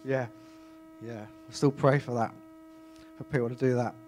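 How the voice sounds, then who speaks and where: A man reading scripture aloud and then preaching in a chatty, animated way to a congregation. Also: mid-range voice, moderate pace. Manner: conversational, animated, self-interrupting. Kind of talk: Bible reading and informal sermon. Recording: faint mains hum.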